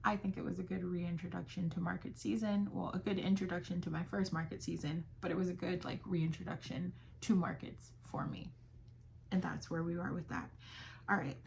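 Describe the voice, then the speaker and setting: A woman's voice: on the low side, creaky, slight background noise. A young woman vlogging about her crochet business in a chatty, casual way, full of fillers and retold conversations. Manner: chatty, with fillers and quoted dialogue. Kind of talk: casual chat.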